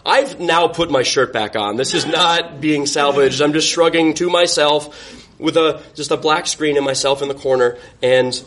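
A man's voice: fairly high pitch, moderate pace, a bit bright. A young man on a podcast, wryly telling a self-mocking personal story and laughing through it. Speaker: podcast guest.

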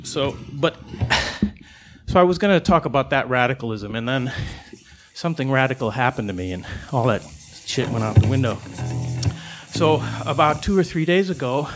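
A man from Chicago telling a rambling, profane comic story on stage in an animated way. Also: mid-range voice, normal speed, faint music behind.

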